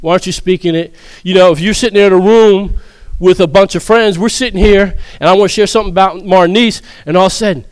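A man's voice: sits high, steady tone, fast, few pauses, clear, resonant tone, dry recording. A man preaching a sermon in a humorous, conversational way, often laughing.

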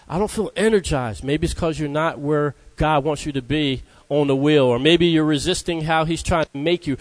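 A man preaching a conversational sermon who keeps calling out "Amen?" to his listeners. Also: a little high. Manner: conversational, calls out Amen to the congregation.

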